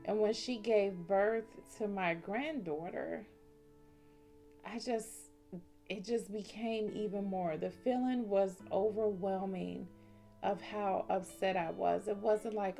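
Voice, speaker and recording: A woman in her forties telling a heartfelt personal story in a slow, emotional vlog. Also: medium pitch, steady tone, vocal fry. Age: 40s. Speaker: vlogger. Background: soft instrumental music.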